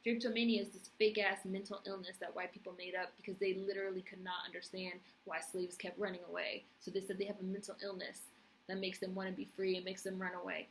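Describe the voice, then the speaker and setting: A woman's voice: mid-range voice, little pitch movement, fast, poor audio. A young woman recapping a TV series on her vlog, passionate and blunt, swearing freely. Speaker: TV review vlogger. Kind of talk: casual recap and commentary.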